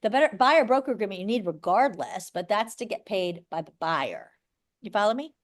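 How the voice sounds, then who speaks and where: A middle-aged woman broker teaching a class of agents, blunt and brisk, often checking that everyone follows. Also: medium pitch, animated. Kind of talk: live training class.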